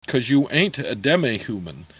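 Man doing a gruff dwarf with a thick accent. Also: mid-range voice, very animated, fairly bright tone, no echo. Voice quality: thick foreign-sounding accent, broken grammar. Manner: slow, matter-of-fact, cross. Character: greedy old male dwarf weaponsmith, gruff.

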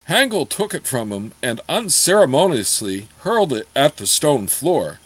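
A man reading a fantasy novel aloud in a steady storytelling manner. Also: mid-range voice, moderate pace, slightly rough, no room sound, rough recording. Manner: steady storytelling, apologizes for page turns. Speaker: audiobook reader.

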